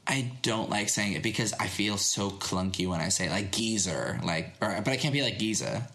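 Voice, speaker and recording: A man's voice: fairly low pitch, brisk, sharp tone. An American man co-hosting a podcast, chatting casually about words with a playful, self-deprecating humor. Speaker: podcast co-host.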